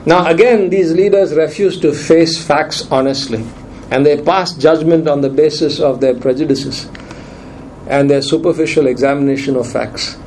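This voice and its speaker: A man's voice: a little high, steady tone, normal speed, darkish tone, slight background noise, poor audio. A man preaching a sermon, emphatic and repeating his key lines for weight.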